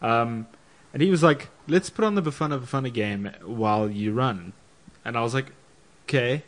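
A man's voice: medium pitch, normal speed. A male podcast co-host who talks in a sheepish, self-deprecating way. He hesitates often and pads his sentences with ums. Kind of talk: casual podcast chat.

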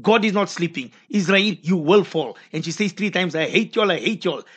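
High, husky man reading messages. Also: normal speed. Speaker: co-host reading listener messages. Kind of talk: radio podcast Q&A.

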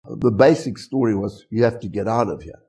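This pastor, a middle-aged man with a South African English accent, delivers a sermon through lively stories and frequent rhetorical questions. He speaks a little fast, in a lowish, breathy voice.

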